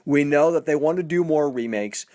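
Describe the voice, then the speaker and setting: A man's voice: on the high side, moderate pace, dry recording, studio quality. A man hosting a gaming news channel, talking casually to viewers and often calling them folks. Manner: animated, addresses viewers as folks; repeats "you know what I mean". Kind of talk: casual video commentary.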